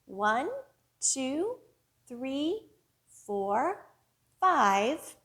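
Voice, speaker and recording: Female children's librarian, storytime host; unhurried, bouncy, high-ish, very expressive delivery. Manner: slow, sing-song, animated storyteller voice.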